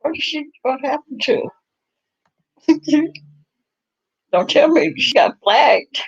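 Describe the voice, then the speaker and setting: A woman hosts a gossipy casual chat with a lively, swooping voice that sits a little high. She laughs easily as she reacts. Her audio comes through dull and lo-fi. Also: slow. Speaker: host.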